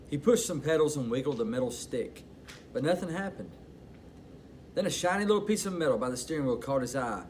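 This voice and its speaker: A man reading a picture book aloud to children in an expressive bedtime-story manner. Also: fairly high pitch, a little hiss or hum.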